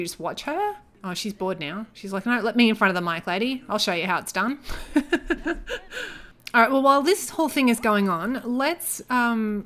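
A young woman chatting casually as she comments on her life-simulation gameplay, excitable and joking as she reacts. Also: medium pitch. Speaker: gaming YouTuber.

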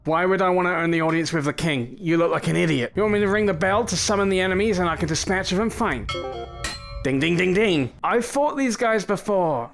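A young man giving excitable gameplay commentary, full of swearing and mock threats. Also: high voice, fast, few pauses, faint music behind. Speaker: gaming YouTuber.

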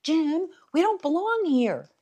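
A woman's voice: extremely high pitch, big pitch swings, slow pace, mellow, pitched above the performer's own voice, heavily acted. A woman reading aloud, voicing a cautious, frightened teenage boy who speaks anxiously and hesitantly.

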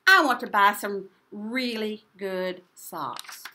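A woman voicing an excited little girl in a picture book read-aloud, loud and pleading. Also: mid-range voice, slow pace, a little hiss or hum. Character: excited little girl wanting new socks.

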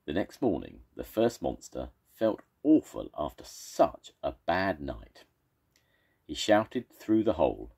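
A grandfather reads a children's story aloud, his very deep voice moving slowly and with great rise and fall. The tone is mellow and soft, with a husky, breathy grain. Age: older. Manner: gentle, expressive storytelling.

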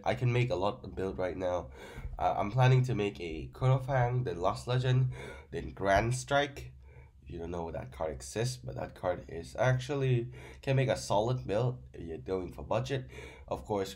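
A man's voice: low-pitched, moderate pace, darkish tone. Sick man rambling through a card review. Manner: non-native grammar, rambling with fillers. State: sick, stuffy voice.

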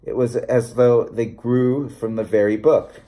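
A man reading a short story aloud in a measured, deliberate narration. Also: lowish voice, little pitch movement, mellow. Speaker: audiobook reader. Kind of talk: scripted narration.

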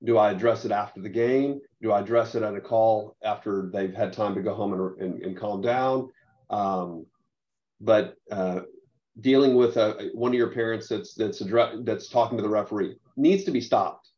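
A man who coaches soccer, speaking haltingly with many restarts in a webinar discussion. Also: lowish voice, darkish tone. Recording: muffled lo-fi audio.

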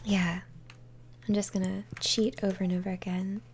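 A woman hosting a soft-spoken ASMR gaming chat, gentle and apologetic, often slipping into whispers. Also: mid-range voice, level tone, moderate pace, slight background noise. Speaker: ASMR host.

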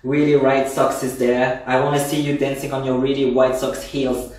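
A Frenchman with a French accent teaches a line dance class from home, live-streamed, chatting effusively and counting the steps aloud. His mid-range voice is darkish, with little pitch movement and a normal pace. The mic sits at a distance in a roomy, echoing space.

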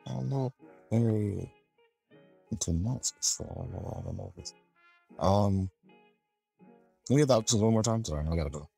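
A man on a casual podcast, guessing at quiz answers in a low, unsure mumble. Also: moderate pace, vocal fry, long pauses, warm tone, husky, faint music behind. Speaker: podcast co-host, quiz contestant. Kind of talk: casual chat.

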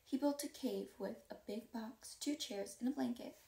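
A woman reading a children's storybook aloud, lively and playing up the sound words and dialogue. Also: on the high side, moderate pace, creaky, echoey room, recorded from a distance. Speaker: reader.

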